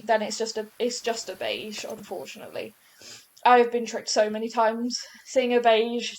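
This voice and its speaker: A woman's voice: fairly high pitch, a little mellow. A young woman chatting casually over her gameplay as a gaming channel host, rambling and often correcting herself mid-sentence.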